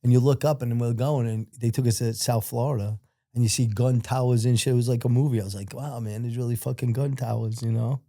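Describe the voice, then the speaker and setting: A man with an American accent recounts his story in a loose, unpolished way, cursing freely and acting out what others said to him. His voice is dark and mellow. The sound is dry and close, with no room echo. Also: mid-range voice, quick pace. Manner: blunt, profane, animated when quoting others. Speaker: guest telling his life story. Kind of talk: casual storytelling interview.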